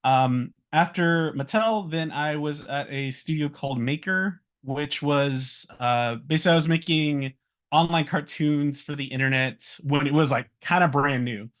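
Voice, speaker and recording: A man's voice: a little high, measured pace, fairly bright tone. A man in his thirties, a guest speaker and animator, talking casually about his career, with lots of fillers, restarts and small laughs. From Virginia, US.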